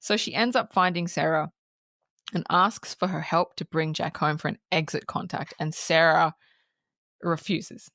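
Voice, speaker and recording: A podcast co-host with a low voice speaks at a measured pace in a dry, studio-quality recording. She casually recaps a film scene by scene, acting out the characters' lines and swearing freely as an animated storyteller.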